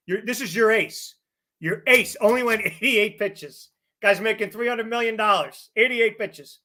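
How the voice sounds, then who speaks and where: Male podcast co-host, furious profane rant, high, bright and sharp. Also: measured pace. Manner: angry, shouting bursts, profane. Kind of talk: heated sports rant.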